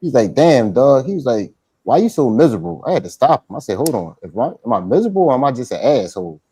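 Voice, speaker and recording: A man's voice: mid-range voice, very animated, racing, dark tone, husky. A man with a Philadelphia accent chatting as a podcast guest, blunt and laid-back. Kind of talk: casual chat.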